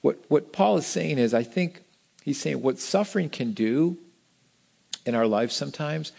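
Middle-aged man, pastor, fairly high voice, conversational sermon, emphatic, restarts phrases. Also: lively intonation, normal speed, gravelly, a little mellow, breathy edge. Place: church.

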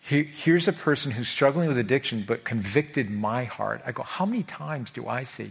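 Husky earnest preacher man. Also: mid-range voice, moderate pace. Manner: earnest, repeats words, swings from hushed to raised. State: emotional. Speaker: pastor. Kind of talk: sermon.

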